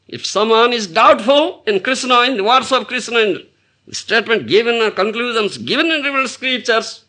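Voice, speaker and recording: Animated man giving a devotional lecture. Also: high-pitched. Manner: animated, asks the audience rhetorical questions; laughs often while teaching. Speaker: spiritual teacher. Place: lecture room with audience.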